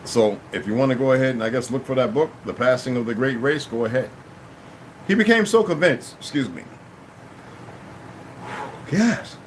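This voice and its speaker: A channel host with a mid-pitched male voice reads a text aloud, often breaking off for unscripted asides to his listeners. His intonation is lively and his pace normal, with long pauses, and he stumbles over hard words and restarts. The low-quality recording carries a faint hum beneath him.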